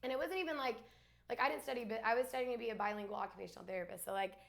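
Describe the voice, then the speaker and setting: A young woman from Alabama, a guest in a casual chat, talking fast with lots of fillers and laughs. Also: a little high, creaky, a bit bright. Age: young adult.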